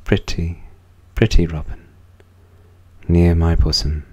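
Male poetry reader: very low, flat delivery, dark mellow tone, solemn. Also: slow pace, husky. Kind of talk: slow, measured poetry recitation.

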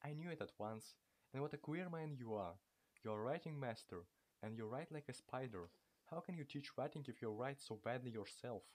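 A man's voice: expressive, moderate pace, natural voice. A man reading aloud and voicing a coquettish young woman with a teasing, affected manner. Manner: teasing, affected, slightly higher voice.

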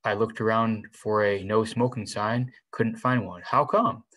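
A man reading a novel aloud in the first person, unhurried, with small restarts. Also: lowish voice, steady tone, a bit bright, poor audio. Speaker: reader.

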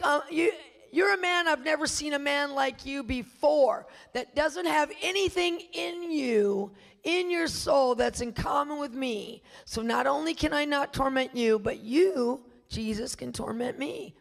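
A woman's voice: high-pitched, unhurried, creaky, big-room sound. A woman voicing a male demon spirit that pleads in awe and fear, with breathless exclamations. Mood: awestruck pleading.

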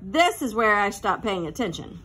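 A woman's voice: mid-range voice, very animated, normal speed, pushed and bright, slight background noise, pitched below the performer's own voice. A woman voicing a laid-back, knowing fifth-grade boy who talks in breezy, conspiratorial asides, in a storybook reading.

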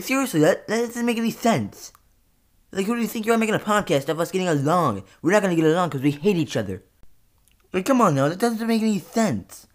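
Sulky twin brother, put on by a man: whiny, argumentative, voice swings high and low. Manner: whiny and argumentative, escalating to yelling. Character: sulky, resentful twin brother who won't get along. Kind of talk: comedy skit bickering.

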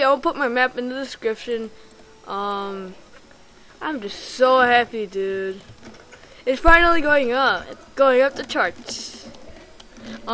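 A woman giving rambling, excitable let's play commentary while gaming, full of ums and restarts. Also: fairly high pitch, low-quality recording. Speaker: gamer.

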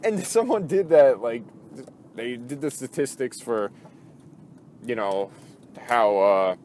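A man at a middle pitch vents in a loose, rambling rant, swearing freely and circling back with fillers. His frustration keeps building through the talk. Faint traffic murmurs somewhere behind him. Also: animated, slow, darkish tone. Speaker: gaming video host. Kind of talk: casual ranting commentary.

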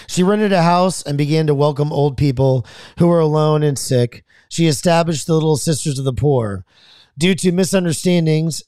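A man's voice: on the high side, warm tone, clear, resonant tone, no room sound, clean studio sound. Man reading saint stories on a podcast. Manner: reads aloud, stumbles on names, then adds loose comments. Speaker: podcast host.

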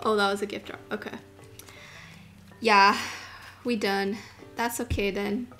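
A young woman streaming a video game, chatting casually and gushing excitedly, dropping to murmurs and rising to squeals. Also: mid-range voice, a little slow, pauses often, faint music behind. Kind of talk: casual live-stream chat while gaming.

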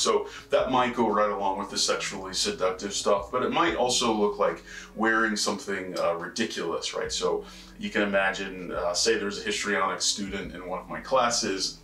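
A man with a low voice and a bright, forceful edge gives a lecture in a loose, chatty manner, tossing in "right?" and filler sounds as he goes. He sits back from the microphone, so the room rings around him with a faint hiss underneath. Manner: conversational, frequent "right?" and "uh" fillers. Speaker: college instructor. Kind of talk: recorded lecture. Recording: roomy, distant mic with faint noise.

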